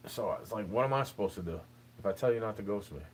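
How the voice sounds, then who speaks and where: A man's voice: fairly low pitch, expressive, quick pace, slight background noise, rough recording. A young man talking straight to the listener in a rambling, aggrieved monologue, tossing in "bro" again and again. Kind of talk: unscripted monologue rant.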